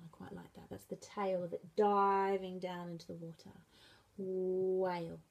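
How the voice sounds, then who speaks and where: A woman teacher explaining sign language for animals, slowly and patiently saying each word aloud as she signs. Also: lowish voice, little pitch movement, creaky, darkish tone. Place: school room.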